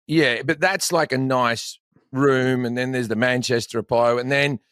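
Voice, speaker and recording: A man's voice: medium pitch, steady tone, normal speed, a bit bright, clean tone, no room sound. A man, a comedian chatting as a podcast guest, telling rambling stories and swearing freely. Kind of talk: casual podcast chat.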